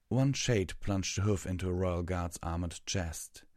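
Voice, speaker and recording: A man narrating a fantasy story in a steady, measured audiobook reading. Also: sits low, no room sound, clean studio sound.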